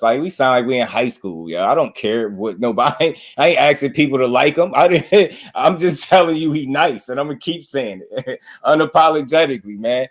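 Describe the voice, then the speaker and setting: A man's voice: mid-range voice, lively intonation, brisk. A New man hosts a casual boxing stream, talking straight to his viewers. He laughs easily as he goes. When he mocks his critics, he slips into teasing impressions of them. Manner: laughs often, talks straight to chat; mocks critics in exaggerated voices. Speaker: boxing commentator and channel host. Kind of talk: casual live-stream commentary.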